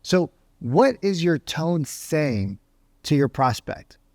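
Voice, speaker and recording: A man coaching real estate agents on sales calls, energetic and conversational, often checking in with "right?". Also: a little high, slow pace, dry recording, studio quality. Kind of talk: motivational sales teaching to camera.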